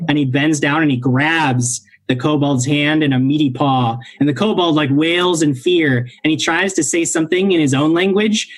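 A man's voice: a little high, moderate pace, few pauses, low-quality recording. A man narrating as game master of a tabletop role-playing game, easygoing, with fillers and laughs. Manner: relaxed storytelling with fillers and laughs.

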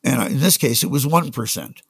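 A music industry executive, appearing as a guest, tells anecdotes in conversation and acts out the dialogue he quotes. His mid-range voice is animated and brisk, with vocal fry and a husky quality, recorded with no echo.

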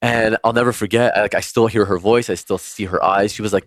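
A man with a very deep voice, recorded dry and close, tells stories as a podcast guest. He rambles casually and leans on "like" over and over. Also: steady tone, fairly quick, dry recording. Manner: rambling, heavy use of "like". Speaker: podcast guest, spiritual healer. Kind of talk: casual storytelling.

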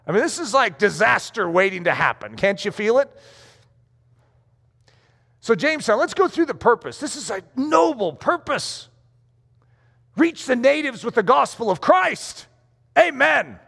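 High-voiced male preacher in a reverberant hall. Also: big pitch swings, moderate pace, vocal fry, long pauses, fairly bright tone. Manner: emphatic, acts out quoted voices. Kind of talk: sermon.

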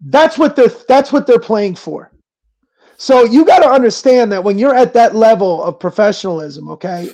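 High-pitched, emphatic comedian on a podcast. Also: male voice, darkish tone. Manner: emphatic, profane, lecturing. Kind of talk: casual sports chat.

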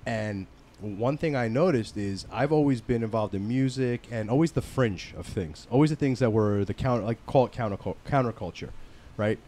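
A man's voice: medium pitch, moderate pace, a little hiss or hum. Profane new jersey man telling stories. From northern New Jersey. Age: 40s. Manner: profane storytelling, loud when quoting friends. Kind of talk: casual chat.

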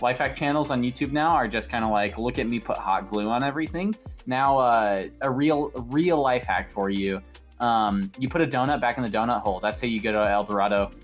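A man hosts a casual podcast, his voice sitting at an ordinary middle pitch. He rambles, restarts, and doubles back on his words while building silly hypotheticals. Soft music plays faintly underneath. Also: a little fast. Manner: rambling, repeats words, spins absurd stories. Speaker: podcast host.

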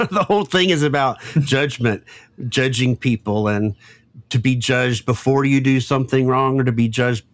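A man's voice: mid-range voice, normal speed. A man co-hosting a casual podcast, musing aloud and often repeating words as he starts a thought. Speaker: podcast co-host. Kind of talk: casual chat.

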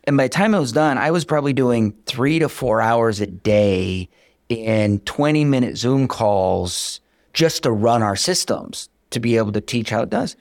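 A startup founder, interviewed as a podcast guest, tells his story with candor, energy, and self-deprecating humor, acting out the conversations he recounts. His medium-pitched voice moves at a moderate pace in a dry, studio-quality recording.

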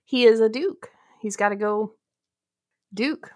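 A woman's voice: a little high, slow pace, a little mellow. A woman co-hosting a casual book chat, summing up the plot with a wry, dry humor. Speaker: podcast co-host.

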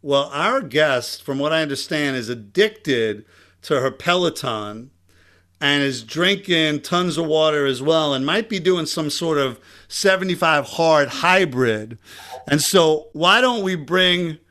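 Bright-voiced man with a Long Island accent. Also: fairly high pitch, measured pace. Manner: energetic, laughing, conversational. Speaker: podcast host. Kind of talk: casual podcast chat.

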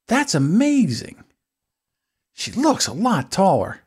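A man co-hosting a podcast in crude casual banter, animated and breaking into loud chants and mock shouts. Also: on the high side, slow, pauses often, slightly rough. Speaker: podcast co-host.

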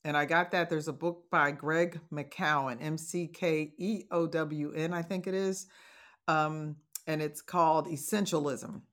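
A woman's voice: deep voice, fairly even intonation, a little slow, a bit bright. A woman hosting an advice podcast, talking casually and encouragingly to listeners, with playful asides and laughter. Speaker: podcast host, divorce coach.

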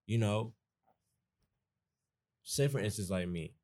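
Rambling young Southern man, lowish voice. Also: animated, takes it slowly, a little mellow. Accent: Georgia, US South. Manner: rambling, restarts often, folksy. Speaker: podcast guest. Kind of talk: casual conversation.

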